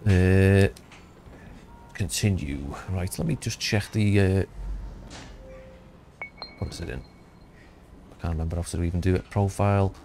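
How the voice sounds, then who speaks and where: A man's voice: sits low, unhurried, vocal fry, pauses often, a little mellow, a little hiss or hum. A man from around Liverpool giving casual gameplay commentary, rambling, thinking aloud and swearing. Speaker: gaming youtuber.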